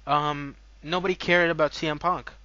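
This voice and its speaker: A man's voice: fairly high pitch, steady tone, normal speed, pushed and bright, no room sound. A man giving a heated opinion rant to camera, arguing his points and often repeating words and questions. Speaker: wrestling commentator. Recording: dull, dry lo-fi recording.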